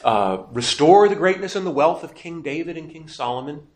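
Animated man teaching a Bible class. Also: on the high side, moderate pace, reverberant. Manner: lively, emphatic, asks questions and answers them himself. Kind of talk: catechism lecture.

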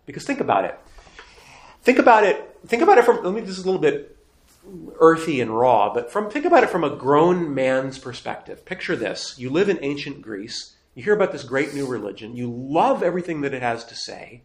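A man's voice: medium pitch, sing-song, fairly quick. A man, a priest, teaching a scripture lesson in a conversational way and asking his class rhetorical questions. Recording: roomy echo.

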